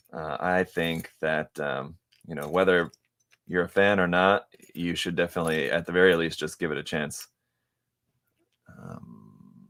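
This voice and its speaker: Low-voiced man rambling on a live stream. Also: a bit bright. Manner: rambling and hesitant, many fillers and restarts; mutters to himself while working. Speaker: live-stream host building a model kit. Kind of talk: casual live-stream chat, answering viewer questions.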